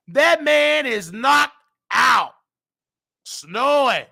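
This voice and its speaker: A man who is losing his voice, hosting his show with heated, indignant commentary and bursts of shouting. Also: sits high, lively intonation, unhurried, vocal fry. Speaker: nursing aide and show host. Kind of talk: ranting commentary.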